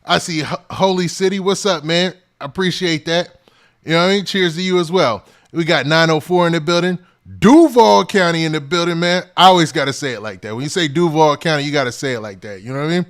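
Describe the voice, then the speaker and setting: Man, livestream host, relaxed casual delivery, slightly high voice, keeps tossing in "man". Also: fast. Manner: laid-back, repeats "man" and "what's up" often. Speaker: host of a hip-hop news livestream. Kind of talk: casual livestream shout-outs.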